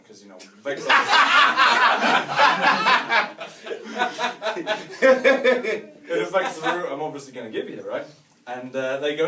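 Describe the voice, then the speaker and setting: A Northern English man doing stand-up, chatty and self-mocking, with a fairly high voice. He sounds echoey and a little distant in a large venue, with a faint hum behind him. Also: very animated, drawn-out words, pauses often, a loud crowd. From Northern England. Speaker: stand-up comedian. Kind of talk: stand-up routine. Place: large hotel venue with a live audience. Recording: echoey room, distant mic, faint noise.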